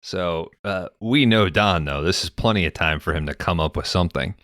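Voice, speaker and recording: A man's voice: sits low, moderate pace, fairly bright tone, no echo, studio quality. A man hosting a casual movie podcast, retelling scenes and reading out the characters' lines. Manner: retells scenes and reads film dialogue aloud. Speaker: podcast host. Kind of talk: casual movie recap chat.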